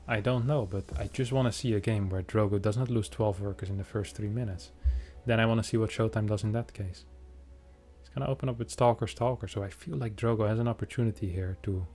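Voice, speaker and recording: Male esports caster with a lowish voice, casual and joking, quick reactions, soft music underneath. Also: steady tone. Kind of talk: casual game commentary.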